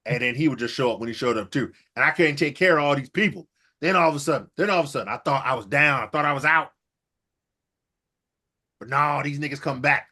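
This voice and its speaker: A man co-hosting a casual comedy wrestling talk show, retelling events and acting out the wrestlers' lines with profane, animated delivery. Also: medium pitch, fast talker. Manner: animated, acts out quotes in exaggerated voices, profane. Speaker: podcast co-host recapping wrestling.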